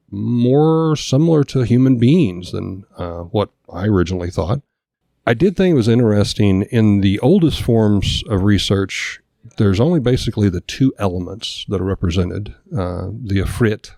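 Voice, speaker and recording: A man's voice: deep voice, mellow, no echo, clean studio sound. A man co-hosting a podcast, reading from notes in a casual way and stumbling now and then over hard names. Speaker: podcast co-host.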